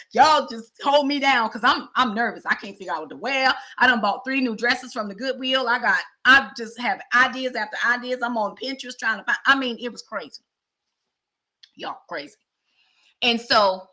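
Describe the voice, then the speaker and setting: A middle-aged woman vlogger telling a personal story in a chatty, animated way. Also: fairly high pitch, normal speed. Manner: chatty, animated, acts out dialogue.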